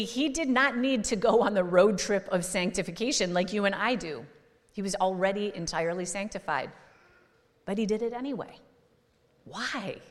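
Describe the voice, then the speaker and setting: A woman's voice: medium pitch, long reverb tail. A woman pastor giving a sermon in a church, talking in a conversational way with fillers and restarts.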